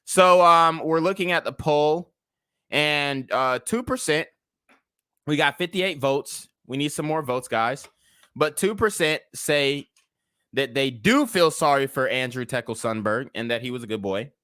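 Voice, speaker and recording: A man's voice: fairly high pitch, a little slow, sharp tone, smooth, no room sound, clean studio sound. A young man hosting a livestream commentary show, talking in a heated, blunt, profane way. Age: young adult. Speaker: commentary channel host.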